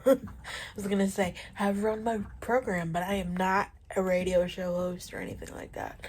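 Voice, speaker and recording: A woman's voice: mid-range voice, slight background noise. A woman in her twenties chatting casually in a vlog, her voice stuffy from allergies, rambling along with plenty of fillers while riding an exercise bike at home. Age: 20s. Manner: rambling, relaxed, lots of fillers. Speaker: vlogger.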